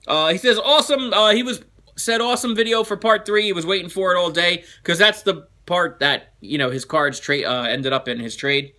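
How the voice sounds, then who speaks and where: A man hosting a toy show, reading fan mail in a chatty, animated way with frequent laughs and asides. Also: high-pitched, moderate pace. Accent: New Jersey.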